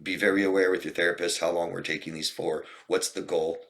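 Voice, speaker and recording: Deep-voiced man, coach, direct and earnest advice talk. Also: little pitch movement, brisk, gravelly, a bit bright. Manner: earnest, direct, many restarts.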